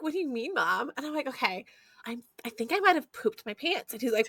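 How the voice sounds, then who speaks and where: A woman, hosting a podcast and telling stories in a lively, foul-mouthed, chatty way. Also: fairly high pitch, quick pace, no echo. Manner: animated storyteller, swears freely, addresses listeners as y'all. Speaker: podcast host. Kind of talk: casual chat.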